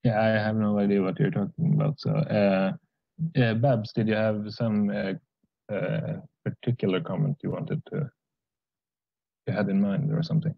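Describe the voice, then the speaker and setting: Male stream host, gravelly and low, halting delivery, dry dull lo-fi call audio. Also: flat delivery, no room sound. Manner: halting, lots of fillers. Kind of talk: casual livestream chat. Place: online voice call.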